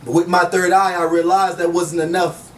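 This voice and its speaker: A man's voice: flat delivery, normal speed. Man reciting spoken word poetry, off-mic. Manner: rhythmic declamation, drops low and soft in chat. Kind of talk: spoken word performance and casual chat. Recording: distant mic with faint background noise.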